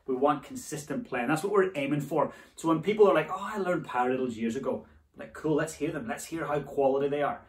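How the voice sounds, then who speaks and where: A man's voice: fairly high pitch, fast talker. A man teaching a drumming lesson, coaching encouragingly and calling out the rudiment syllables as his students play. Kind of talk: instructional lesson. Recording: echoey room, voice a bit far from mic.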